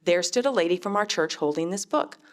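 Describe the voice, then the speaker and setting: A middle-aged woman, a mother, telling her faith testimony in an earnest, heartfelt, measured way. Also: lowish voice, lively intonation. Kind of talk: personal testimony storytelling.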